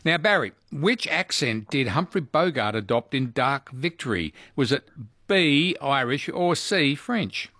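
Lively quiz host. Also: male voice, mid-range voice, a little slow, no echo. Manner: chatty, upbeat, laughs easily. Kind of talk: casual radio quiz chat with callers.

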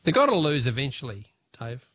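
A man's voice: mid-range voice, very animated, fairly bright tone, husky. A jovial, chatty Australian man hosting a radio quiz and talkback show. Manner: jovial, chatty, quick to laugh.

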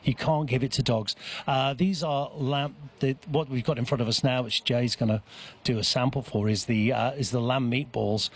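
Man, guest chef, halting casual explainer with lots of restarts. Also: medium pitch, steady tone, husky. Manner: hesitant, many restarts and fillers. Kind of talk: casual radio chat. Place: outdoor dog park.

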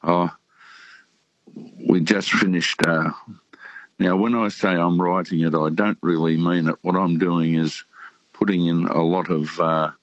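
An older Australian man in his sixties calls in to a radio show. His voice is very deep and laid-back as he rambles with many pauses and ums, and the phone line sounds dull and muffled. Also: little pitch movement. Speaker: caller. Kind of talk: casual phone chat.

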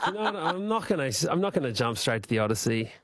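A man's voice: on the high side, sing-song, quick pace, heavy background noise. An Australian man, a comedian, joking and rambling on a radio panel. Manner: jokey, rambling with restarts. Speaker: comedian guest. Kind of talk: casual radio chat. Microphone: studio microphone.

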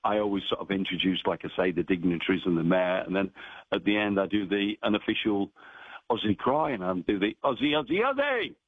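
On a dry, tinny phone line, a man who works as a town crier chats animatedly in a radio interview. His low, husky voice moves at a fairly quick pace, and his chatty talk keeps bursting into bellowed cries.

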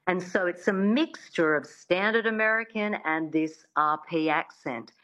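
A woman's voice: on the low side, low-quality recording. A woman accent coach explaining things as a radio interview guest, with hesitations and fillers.

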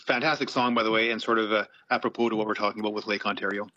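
A man's voice: on the low side, little pitch movement, rapid-fire, sharp tone, dull audio. A journalist, a man, giving casual commentary as an interview guest, thinking aloud with frequent restarts and fillers. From Canada.

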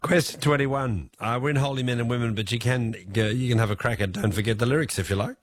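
Chatty radio quiz host. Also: male voice, mid-range voice, quick pace, no room sound. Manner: chatty, laughs easily, stumbles a little.

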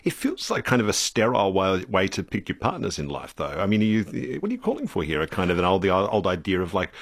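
A man hosting an interview who asks probing, playful questions. His voice is very low, and it moves through a wide, lively range. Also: fast, hardly any pauses. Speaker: interview host. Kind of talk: conversational interview.

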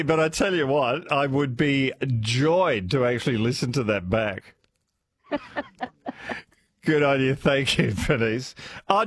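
Lively, husky radio host. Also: male voice, medium pitch. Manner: warm, laughing, chatty with callers. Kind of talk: talkback radio chat.

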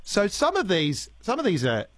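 A man's voice: sits high, wildly swooping pitch, moderate pace, a bit bright, no room sound. A man with an Australian accent hosting live talk radio, chatty with lots of fillers and restarts. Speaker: radio host. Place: radio studio. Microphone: studio mic.

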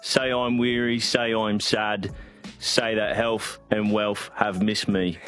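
A man reciting a poem in a put-on Cockney accent, slow and committed. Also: lowish voice, little pitch movement, fairly bright tone, faint music behind. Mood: earnest.

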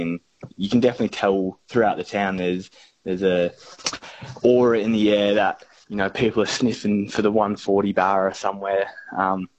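A man's voice: on the low side, low-quality recording. An Australian man speaking as a fishing expert on a radio interview, enthusiastic and laid-back, with plenty of fillers and slang.

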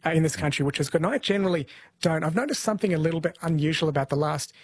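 A man hosting a conversational interview, speaking in a calm, reflective way. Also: on the high side, rapid-fire, no echo. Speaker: host.

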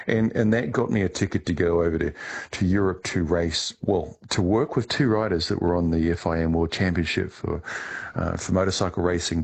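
Deep-voiced man telling his story. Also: breathy edge. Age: middle-aged. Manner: relaxed storytelling, some restarts. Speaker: guest, ice diver. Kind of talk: interview answers.

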